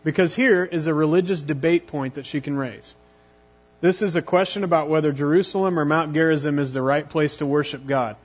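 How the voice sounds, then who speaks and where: A youth pastor preaching a sermon, telling the story dramatically and slowing down for emphatic phrases. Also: male voice, a little high, slightly rough.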